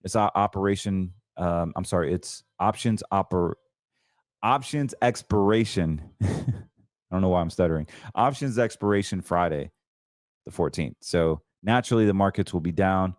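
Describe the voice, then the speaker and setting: A man hosting a financial talk show, chatting casually and excitably about trades, often stumbling and restarting his sentences. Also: low-pitched, moderate pace, no echo, clean studio sound. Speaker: host.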